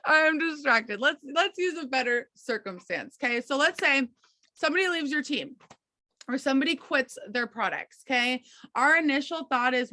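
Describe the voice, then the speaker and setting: A young woman coaches her team over a video call, upbeat and encouraging, checking in often with her listeners. Her voice sits a little high and sounds crisp and bright. The sound is dry and close, with no room around it. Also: expressive, moderate pace, dry recording. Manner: encouraging, chatty, many fillers and "okay, you guys".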